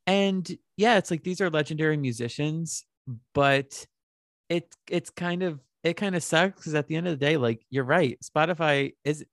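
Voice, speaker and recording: A podcast co-host in casual pop-culture chat, gossipy and quick to laugh. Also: mid-range voice, no echo, clean studio sound. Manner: animated, gossipy, laughs often.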